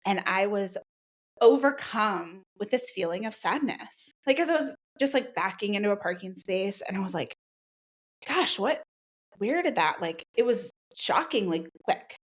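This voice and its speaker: A middle-aged woman, a podcast guest, telling personal stories in a casual way and acting out quoted dialogue with lively jumps in pitch. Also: normal speed. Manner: many fillers like "um" and "like". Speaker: guest, Reiki practitioner. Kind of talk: casual conversational storytelling.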